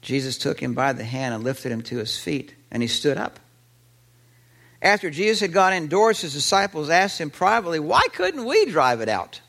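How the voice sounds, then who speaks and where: A man preaching a sermon, animated, with fillers and restarts. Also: a little high, normal speed, gravelly. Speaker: pastor.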